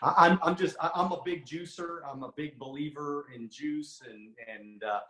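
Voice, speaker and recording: A man hosts an interview, eager and stumbling over his words as he restarts. His voice sits a bit high, and the room around him echoes. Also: moderate pace, sharp tone. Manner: eager, stammering with many restarts. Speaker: interview host. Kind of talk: interview conversation.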